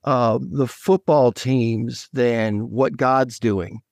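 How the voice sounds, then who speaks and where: A man's voice: medium pitch, steady tone, extremely slow, darkish tone, no echo, studio quality. A man, a guest author, in casual faith talk, speaking eagerly and in scattered bursts with many restarts.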